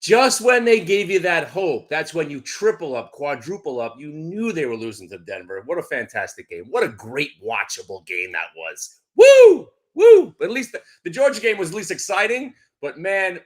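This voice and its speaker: Excitable middle-aged man talking sports. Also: fairly high pitch. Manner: loud, excitable. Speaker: guest. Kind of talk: casual chat.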